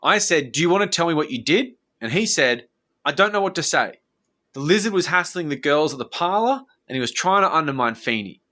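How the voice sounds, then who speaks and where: A man's voice: on the high side, expressive, fairly quick, sharp tone. A man co-hosting a podcast, reading a police statement aloud and cutting in with scornful, sweary asides. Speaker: podcast co-host.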